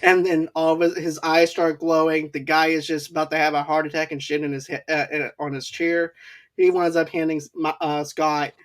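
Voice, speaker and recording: A man's voice: on the high side, little pitch movement. A man hosting a casual movie review podcast, rambling through plot recaps. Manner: rambling plot recaps with quick acted quotes. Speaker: podcast host.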